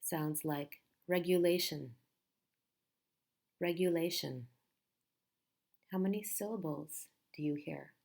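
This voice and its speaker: A woman teaching a pronunciation lesson, speaking slowly and patiently and repeating each word carefully. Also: low voice, gravelly, mellow.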